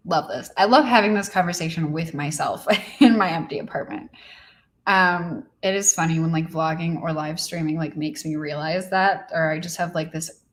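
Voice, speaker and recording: A young woman hosts a livestream from her apartment, talking casually into her computer mic at a moderate pace. She chats and reads viewer comments aloud, though her energy is low and she sounds a bit tired.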